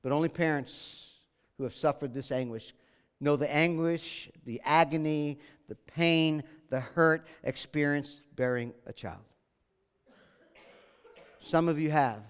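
A man's voice: on the high side, smooth, long reverb tail. A man preaching a sermon as pastor, earnest and emphatic, repeating his key phrases.

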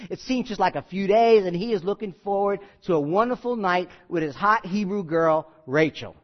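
A man's voice: high-pitched, lively intonation, normal speed. A male pastor preaching a sermon in a folksy, joking way that turns earnest and emphatic. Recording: slightly muffled recording.

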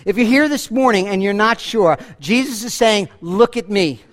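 A male pastor preaching a sermon to a church congregation, emphatic, swinging between loud declarations and hushed lines, asking rhetorical questions. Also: moderate pace. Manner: emphatic preaching with big swings in pitch and loudness.

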